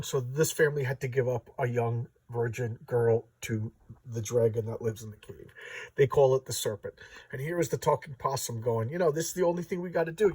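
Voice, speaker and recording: A man's voice: mid-range voice, warm tone, breathy edge, no echo, far from the mic. A man casually reviewing a comic book, stammering, repeating words and gushing over the art.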